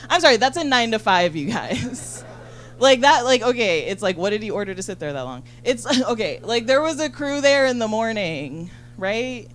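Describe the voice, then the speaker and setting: A woman doing a stand-up comedy set on a handheld mic, talking rapidly and profanely with lots of "like". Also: fairly high pitch, very animated, a little hiss or hum. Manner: rapid, chatty, full of "like" and profanity. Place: comedy venue.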